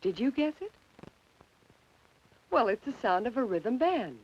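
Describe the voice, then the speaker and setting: A woman in scripted narration for children, gentle and coaxing, asking the listener questions over a 1950s film soundtrack. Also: on the high side, sing-song, a little slow, muffled recording, slight background noise.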